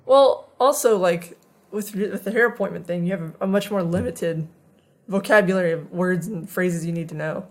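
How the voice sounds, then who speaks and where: A woman's voice: on the low side, normal speed, darkish tone. A woman in her twenties co-hosting a tech news show in easygoing, plain-spoken chat.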